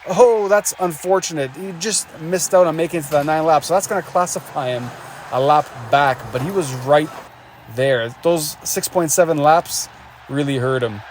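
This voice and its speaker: Excitable man calling a race, slightly high voice. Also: normal speed, slight background noise. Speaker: race commentator. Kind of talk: play-by-play commentary.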